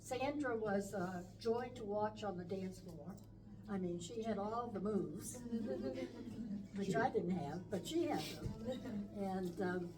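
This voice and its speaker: A woman sharing fond memories of an old friend at a memorial, rambling and halting, with fond laughter. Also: mid-range voice, over music. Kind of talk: memorial speech, casual reminiscing. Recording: distant mic with clear background noise.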